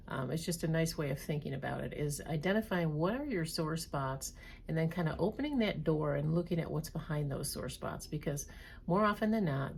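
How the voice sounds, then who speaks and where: A woman therapist giving a calm, measured educational talk, reading items slowly. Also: low voice, gravelly, a little hiss or hum. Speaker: trauma therapist.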